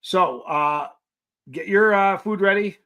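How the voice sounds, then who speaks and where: A man's voice: high-pitched, takes it slowly, pushed and bright. A man hosting a live stream, chatting casually with viewers, reading their messages and telling rambling stories. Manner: rambling storyteller, reads chat aloud.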